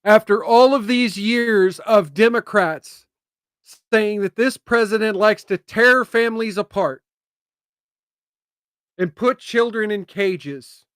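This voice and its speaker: Excitable high-voiced male commentator. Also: slow pace, clean tone, no room sound, clean studio sound. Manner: emphatic, emotional, swings from loud to hushed. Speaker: political commentary host. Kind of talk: casual political commentary.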